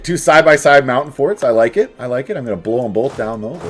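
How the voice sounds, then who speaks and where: A man talks through his strategy game in a relaxed, joking way, his pitch bouncing up and down as he reacts. He speaks straight into a desk mic with soft game music underneath. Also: quick pace, hardly any pauses. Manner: playful, jokey, talks to the game units. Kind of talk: casual gameplay commentary. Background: faint game music.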